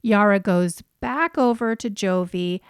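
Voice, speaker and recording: A woman's voice: medium pitch, a little slow, clear, resonant tone, no echo, clean studio sound. A woman co-hosting a podcast, recapping a reality show in blunt, profane, opinionated casual chat. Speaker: podcast co-host.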